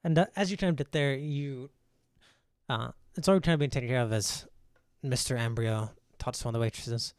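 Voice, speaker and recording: A man narrating a tabletop game as game master in a relaxed, filler-heavy way. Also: mid-range voice, a little fast, clean tone, no echo.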